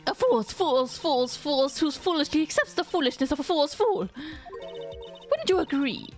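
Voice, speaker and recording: A woman performs a proud young female prosecutor who talks down to everyone, scornful and imperious. The voice sits high and leaps around in pitch as she snaps out each line. Faint game music plays underneath. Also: sing-song, normal speed, a little mellow. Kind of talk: reading game dialogue aloud.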